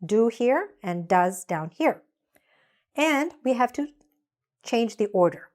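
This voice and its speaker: A woman teaching English grammar in a patient way, saying example sentences slowly so learners can repeat them. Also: fairly high pitch, very animated, darkish tone. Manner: slow, patient, spells out examples slowly for repetition. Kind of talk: grammar lesson with repeat-after-me drills.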